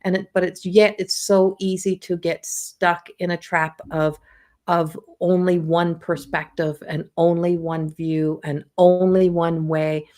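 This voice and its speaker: A woman's voice: on the low side, little pitch movement, a little slow, warm tone. A middle-aged woman from Newfoundland with a Newfoundland accent, a psychic medium chatting casually on a livestream with many restarts. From Newfoundland, Canada. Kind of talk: casual rambling livestream talk.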